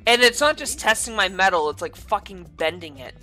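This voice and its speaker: A woman hosting her gaming channel, giving ranting gameplay commentary and swearing constantly. She swings from low mutters to screaming outbursts. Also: animated, a little fast, sharp tone, soft background music.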